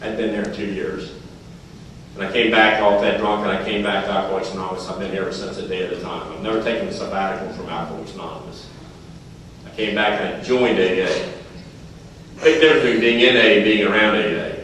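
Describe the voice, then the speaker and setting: A man with an American accent speaking at a recovery meeting, telling folksy stories, quoting his sponsor and talking fast to keep from stuttering. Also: lowish voice, fairly even intonation, a bit bright, a little hiss or hum. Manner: talks fast to avoid stuttering. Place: meeting room. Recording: distant mic in echoey meeting hall.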